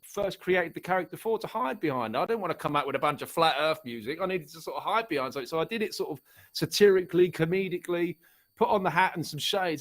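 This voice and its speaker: A man's voice: high-pitched, animated, fast talker, fairly bright tone. A middle-aged man from Essex with an Essex English accent, chatting casually as a guest and rambling with frequent restarts. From Essex, England. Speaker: musician and author guest. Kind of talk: casual chat.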